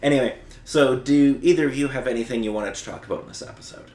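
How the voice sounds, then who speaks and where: A man's voice: medium pitch, fast, a little mellow, a little hiss or hum. A man hosting a podcast in casual chat, recapping the plot with lots of fillers and the odd blunt swear. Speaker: podcast host. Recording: roomy echo.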